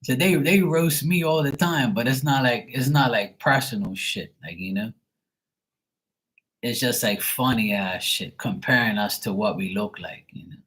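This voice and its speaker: A man chatting casually to camera, rambling and swearing freely in a relaxed way. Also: mid-range voice, moderate pace, low-quality recording. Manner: rambling, profane, laid-back. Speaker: tarot reader, channel host.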